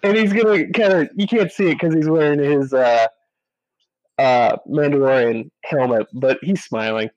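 A man playing in a tabletop game, talking in a lively, animated way. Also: fairly high pitch, moderate pace, no room sound, lo-fi sound. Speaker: player. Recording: dry close sound.

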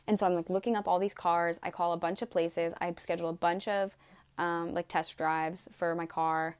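A woman's voice: fairly low pitch, flat delivery, normal speed, clean tone. A woman in her twenties telling a rambling story to camera, swearing freely and saying "like" constantly. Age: 20s. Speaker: vlogger. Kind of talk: casual storytelling vlog.

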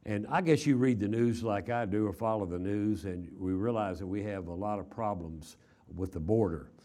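A man's voice: fairly low pitch, normal speed, dark tone. An older man from Texas preaching a chapel sermon, telling stories in a folksy way with frequent fillers and repeated words. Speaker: traveling preacher.

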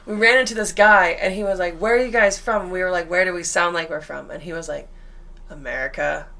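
Gravelly-voiced young woman telling a story. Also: lowish voice, fairly quick, sharp tone. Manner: chatty, rambling, laughs often. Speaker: podcast co-host. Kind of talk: casual storytelling.

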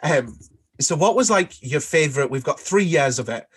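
A man's voice: on the high side, expressive, moderate pace, breathy edge, no room sound. Young man, teasing, blunt, casual chat host, dry sound. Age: young adult.

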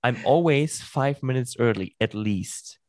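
A man's voice: mid-range voice, animated, a little mellow, no room sound. Man in his twenties, dry mic. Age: 20s. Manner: halting, many restarts and fillers. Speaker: podcast guest. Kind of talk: casual chat.

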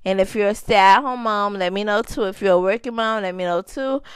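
A woman's voice: mid-range voice, fairly quick, clear, resonant tone, no echo. A young woman hosting a casual chat podcast for mothers, chatty and laughing, stretching out phrases for emphasis. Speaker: podcast host.

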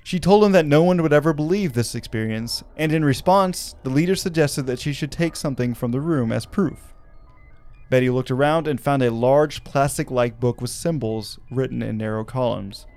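A man's voice: medium pitch, moderate pace, darkish tone, faint music behind. A man from Arkansas who hosts a podcast, telling a story with wry asides and laughing at his own jokes. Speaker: podcast host.

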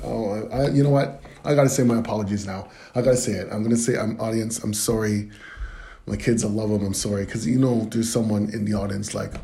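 A man's voice: mid-range voice, gravelly, mellow. A man performing a rambling comedic monologue to the camera, swinging between flustered apologies and mock-earnest preaching.

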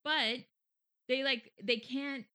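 A woman's voice: sits high, steady tone, slow, bright, forceful tone. A woman from Mexico co-hosting a casual chat, talking freely with lots of fillers and a few swear words. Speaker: podcast co-host.

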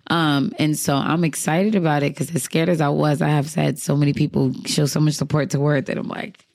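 A young woman from Brooklyn, full of energy, tells stories and slips into the voices of her relatives. Her speaking voice sits fairly low. The sound is close and dry. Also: brisk, vocal fry, no echo. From Brooklyn, New York. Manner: animated storyteller, acts out family voices. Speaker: guest singer-songwriter. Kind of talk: casual chat.

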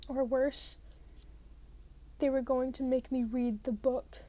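High-voiced woman reading a novel. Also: level tone, normal speed, dark tone. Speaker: reader.

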